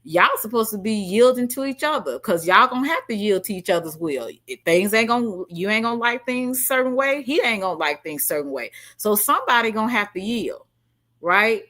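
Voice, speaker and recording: A woman hosting a livestream, chatting casually and reading out viewer comments in an animated, slangy way. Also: mid-range voice, a little fast. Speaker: livestream host.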